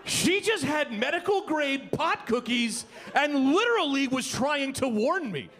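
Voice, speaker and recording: High-pitched, animated male stand-up comic. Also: a little slow. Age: 30s. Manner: animated, shouting punchlines. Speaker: stand-up comedian. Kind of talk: stand-up comedy set. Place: comedy club. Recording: live club with crowd laughter. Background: audience laughter.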